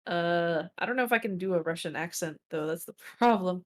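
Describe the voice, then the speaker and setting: A woman's voice: fairly low pitch, brisk. A woman co-streaming a story game, chatting in a playful, teasing way. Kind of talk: casual game playthrough chat. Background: game music.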